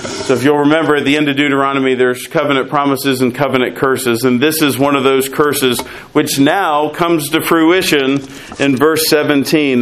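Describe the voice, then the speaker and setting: A man teaching through a Bible passage, pausing often with fillers and reading scripture aloud. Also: medium pitch, fairly even intonation, a bit bright, rough recording. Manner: measured, frequent "uh" fillers, reads scripture aloud. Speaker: pastor teaching a Bible study.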